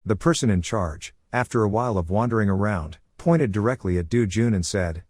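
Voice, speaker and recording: A man narrating a comic recap in one even reading voice. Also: lowish voice, fairly quick, few pauses, no room sound, clean studio sound.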